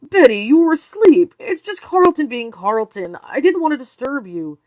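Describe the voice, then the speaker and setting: A woman's voice: high voice, big pitch swings, moderate pace, darkish tone, no echo, voice pushed up, rough recording. A defensive middle-aged police chief who pleads and protests, read by a woman in her own voice. The recording is dry and close.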